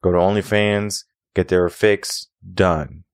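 Deep gravelly man, opinionated podcast host. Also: fairly even intonation, slow, no room sound, studio quality. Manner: opinionated, preachy, asks rhetorical questions. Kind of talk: podcast monologue.

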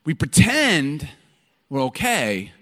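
A man preaching from a stage to a live audience, telling funny stories and acting out the voices of people in them. His pitch swoops widely as he jumps between characters. It is a casual, animated sermon. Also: takes it slowly. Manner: animated storytelling, acting out quotes. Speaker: pastor.

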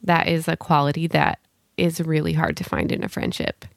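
A woman hosting a casual faith conversation over a video call, speaking reflectively and asking gentle questions. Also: sits low, very animated, normal speed, vocal fry, no echo, studio quality.

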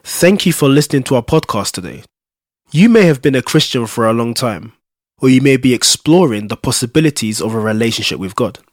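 A man reading a polite, steady closing announcement for a church podcast. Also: mid-range voice, a little fast, no echo, studio quality.

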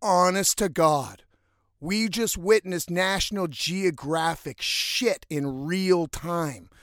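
A man telling a story casually, animated and swearing freely. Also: high-pitched, slow pace, no room sound, clean studio sound. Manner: animated, profane, conversational.

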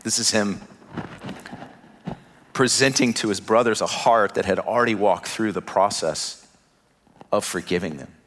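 A man's voice: fairly low pitch, normal speed, a bit bright, slight background noise. A man in his thirties preaching a sermon, earnest, repeating words and rising in emphasis. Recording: long hall reverb.

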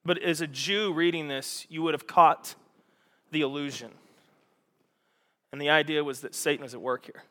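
A man preaching a sermon to a congregation, animated and storytelling, acting out scenes with raised voices. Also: fairly high pitch, moderate pace, pauses often. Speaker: pastor. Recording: echoey hall.

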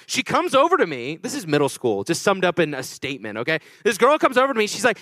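Bright, high-voiced young pastor telling stories. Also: male voice, brisk, hardly any pauses, no echo. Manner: humorous, animated, chatty with the congregation. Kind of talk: sermon with storytelling.

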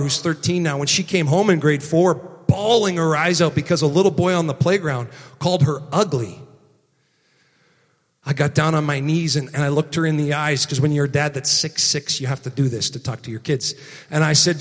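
A man in his forties preaching a sermon earnestly, moving from loud emphasis to hushed, quiet lines. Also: fairly high pitch, long reverb tail. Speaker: pastor.

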